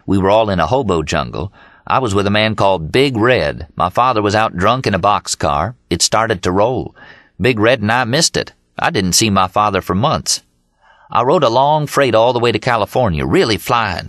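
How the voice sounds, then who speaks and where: A man narrating an audiobook voicing Dean, a manic, excited young man who boasts and yells. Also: fairly low pitch, dry recording, studio quality. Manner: exuberant yelling, rapid storytelling.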